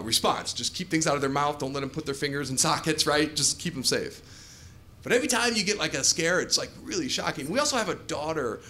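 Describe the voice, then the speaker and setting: On a club stage, a man in his forties with a fairly high voice performs an animated stand-up set, telling stories and launching into shouted asides. Audience laughter and slight background noise can be heard in the recording.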